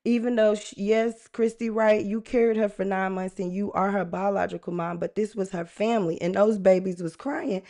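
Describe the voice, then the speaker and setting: A woman's voice: medium pitch, fairly even intonation, normal speed, hardly any pauses, mellow. A woman hosting a true crime live stream, talking earnestly and chattily straight to her viewers. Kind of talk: casual live-stream commentary.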